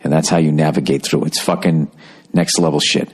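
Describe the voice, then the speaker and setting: A man's voice: very deep voice, fairly even intonation, a little fast, slightly rough. A middle-aged man from the United States hosting a podcast, telling stories in a casual, profane, rambling way. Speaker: podcast host.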